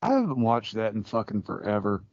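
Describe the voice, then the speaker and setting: A man's voice: on the low side, very animated, brisk, no echo, highs cut off. A man co-hosting a podcast, chatting casually in a laid-back, profane, bantering way. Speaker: podcast co-host. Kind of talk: casual comedic chat.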